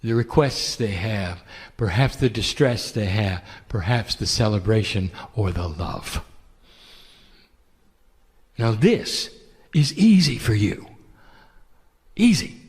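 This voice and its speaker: A man giving a channeled spiritual talk in a gentle, intimate, preacherly way. He often asks the listener rhetorical questions. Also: fairly low pitch, animated, slow, pauses often, husky, big-room sound.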